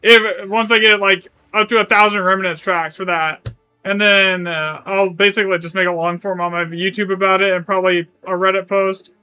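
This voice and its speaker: Guy streaming live, high clear voice, rambly and casual, swears a bit, faint music behind. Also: little pitch movement, normal speed, bright, forceful tone. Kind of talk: live gaming stream chat.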